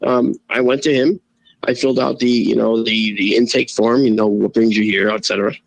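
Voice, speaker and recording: A man guest telling a casual, animated story and acting out the quoted voices. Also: medium pitch, a little fast, vocal fry, no echo, low-quality recording. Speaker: guest, astronomer and photo-video analyst.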